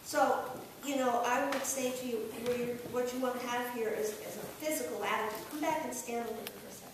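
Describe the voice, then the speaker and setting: A woman's voice: fairly high pitch, fairly even intonation, fairly quick. A woman coaching a singer through a lesson, talking in an encouraging, demonstrative way and sometimes singing examples. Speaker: vocal coach. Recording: echoey room from a distance with noise.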